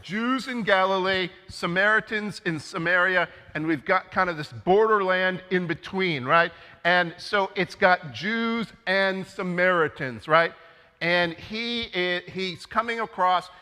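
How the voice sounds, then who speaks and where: A man's voice: high voice, unhurried, sharp tone, clean tone. A male priest preaching a sermon in a conversational way, often checking in with "right?". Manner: conversational, keeps adding "right?". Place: church sanctuary. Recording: long church reverb.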